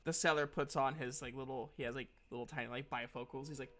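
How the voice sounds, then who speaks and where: A man running a tabletop role-playing game in an excitable way, laughing often. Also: mid-range voice, quick pace, slight background noise. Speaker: game master.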